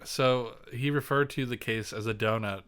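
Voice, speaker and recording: Young guy cohosting a podcast, rambly, bright clear voice, lots of ums. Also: mid-range voice, normal speed. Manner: rambling, many fillers and restarts. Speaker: podcast co-host. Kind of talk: casual chat.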